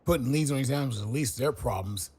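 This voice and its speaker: A man's voice: mid-range voice, quick pace, a little mellow, slightly rough. A man playing a tabletop game, chatting casually with joking asides. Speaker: player.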